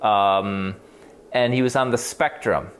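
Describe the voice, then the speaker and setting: Animated, swearing male clinician. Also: lowish voice, takes it slowly. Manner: animated, swears freely, frequent restarts. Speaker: clinician on a talk show. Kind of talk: casual conversational storytelling.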